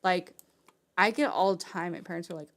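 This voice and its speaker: A woman's voice: on the low side, a little fast. A woman streamer giving casual commentary, rambling, with lots of fillers and swearing. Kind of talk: casual commentary while reading an article aloud.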